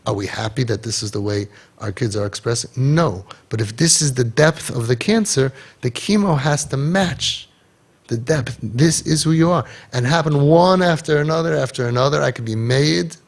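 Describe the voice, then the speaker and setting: A man giving an impassioned inspirational talk, animated, acting out bits of dialogue and repeating his key points. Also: medium pitch, normal speed, gravelly. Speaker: inspirational speaker.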